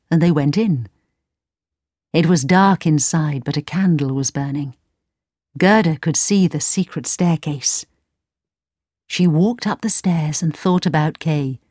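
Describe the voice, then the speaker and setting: A woman narrating a storybook in a calm, measured reading voice. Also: low voice, no room sound, studio quality.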